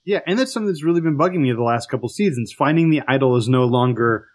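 A man's voice: mid-range voice, animated, quick pace. A man co-hosting a casual podcast chat about a reality show, easygoing and blunt, laughing often. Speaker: podcast co-host.

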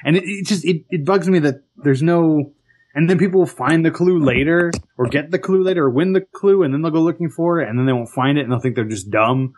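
A man's voice: on the high side, fairly quick, a little mellow. A man co-hosting a casual podcast chat about a reality show, easygoing and blunt, laughing often. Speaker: podcast co-host.

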